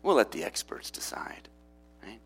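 A man preaching a sermon in a conversational way, often asking rhetorical questions of his listeners. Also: moderate pace. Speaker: pastor.

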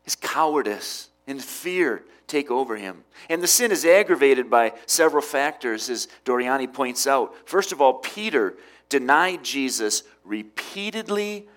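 A middle-aged man preaching a sermon, with emphatic rises and quiet drops. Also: medium pitch, lively intonation, a little slow. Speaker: pastor.

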